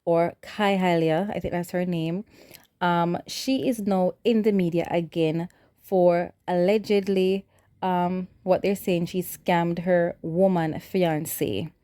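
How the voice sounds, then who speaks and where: A Jamaican woman with a lowish, mellow voice talks through the news in a chatty, skeptical way, filling pauses with ums. The recording is close and dry, with no room sound. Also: steady tone, clear, resonant tone, no room sound. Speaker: commentator host. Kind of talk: casual gossip commentary.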